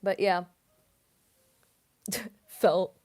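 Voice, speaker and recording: Unhurried, giggly young woman streamer. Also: medium pitch, fairly even intonation, a little mellow. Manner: chatty and giggly, full of "like" fillers. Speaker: voice actress streaming a Q&A. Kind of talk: casual live-stream chat.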